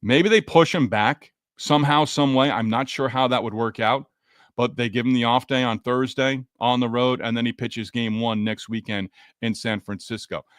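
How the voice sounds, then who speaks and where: A podcast host runs a casual post-game sports show, chatting and greeting listeners by name as he reads their live chat comments. His medium-pitched voice is steady, fairly bright, clear and resonant, at a moderate pace, in a dry, studio-quality recording.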